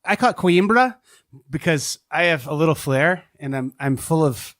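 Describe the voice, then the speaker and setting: A man's voice: fairly high pitch, normal speed, a bit bright. A man co-hosting a board game podcast in casual chat, rambling and hedging with a self-deprecating tone. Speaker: podcast co-host.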